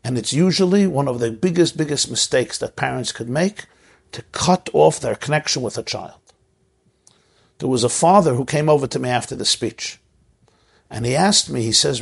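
A middle-aged rabbi giving an earnest, emotional sermon, telling a story and repeating phrases for emphasis. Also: male voice, mid-range voice, moderate pace, vocal fry.

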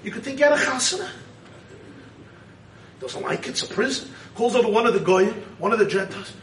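A man preaching a Hasidic sermon and telling a story, swinging between fervent shouting and hushed tones. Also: high-pitched, animated, brisk, a little hiss or hum. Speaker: rabbi teaching a congregation. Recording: echoey room, voice from a distance.

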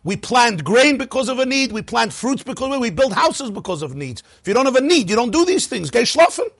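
A man teaching a lively Torah class, asking rhetorical questions and chuckling at his own points. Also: very high-pitched, fast talker, breathy edge, no room sound.

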